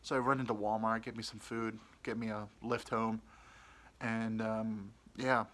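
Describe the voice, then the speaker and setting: Bright-voiced man telling a story. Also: fairly low pitch, flat delivery, measured pace. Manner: rambling, frank and crude, lots of fillers. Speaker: podcast host. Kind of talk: casual storytelling.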